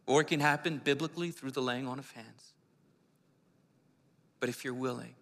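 A man's voice: medium pitch, fairly even intonation, brisk, vocal fry, pauses often, fairly bright tone. A man from Philadelphia preaching a sermon, telling his own testimony in an earnest, conversational way. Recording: long hall reverb.

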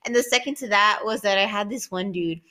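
A young woman co-hosting a casual podcast, telling personal stories with frequent swearing and big jumps in pitch when she acts out what people said. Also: a little fast, sharp tone. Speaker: podcast co-host. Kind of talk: casual storytelling chat.

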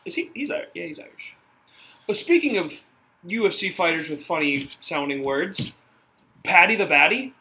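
Animated, bright-voiced young man chatting. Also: sits high, moderate pace, slight background noise. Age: 20s. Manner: joking, animated, swears freely. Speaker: podcast co-host. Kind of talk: casual chat.

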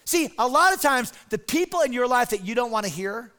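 High, bright-voiced animated preacher. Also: male voice, brisk. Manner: animated, dramatic, conversational preaching. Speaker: pastor. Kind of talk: sermon.

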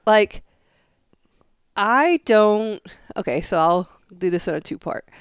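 A woman's voice: mid-range voice, lively intonation, takes it slowly, clear, resonant tone, dry recording, clean studio sound. A young woman co-hosting a casual podcast, rambling and arguing her point with many fillers. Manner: rambling, argumentative, filler-heavy. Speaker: podcast co-host.

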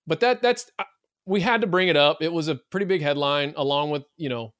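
A high-voiced man talks college football on a podcast, quick to opinions and full of restarts. The sound is close and dry, with no room around it. He keeps it casual and animated. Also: smooth, no echo. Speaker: podcast co-host. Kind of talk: casual sports talk.

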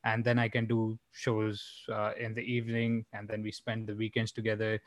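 A man's voice: on the low side, monotone, moderate pace, dry recording. A young man from India, a stand-up comedian talking casually as a podcast guest, rambling with many fillers and restarts. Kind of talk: casual chat.

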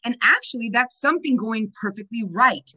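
Bright, upbeat woman on a call. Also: a little high, animated, fairly quick, slightly rough, low-quality recording. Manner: upbeat, emphatic, laughs often. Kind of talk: casual chat on a video call.

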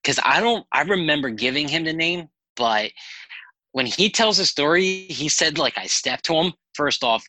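A man guest on a podcast, telling animated, rambling anecdotes in casual chat and swearing freely. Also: fairly high pitch, moderate pace, dry recording, low-quality recording.

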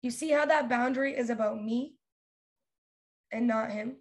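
A young woman hosting a podcast, giving casual, animated advice with many fillers and restarts. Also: on the high side, moderate pace. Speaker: podcast host.

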